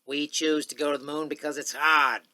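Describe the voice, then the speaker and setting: A man's voice: on the high side, flat delivery, moderate pace, sharp tone, no room sound, pitched above the performer's own voice. A man doing an amateur impression of a 1960s male president giving a stirring speech in an emphatic orator's cadence. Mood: rousing.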